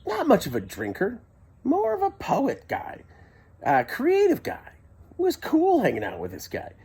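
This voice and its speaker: A middle-aged man with a slightly husky voice tells a personal story in a loose, rambling way. His pitch swings freely as he wanders off into wry asides and corrects himself. It sounds casual and conversational. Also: wildly swooping pitch, unhurried, darkish tone. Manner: rambling, self-interrupting, wry.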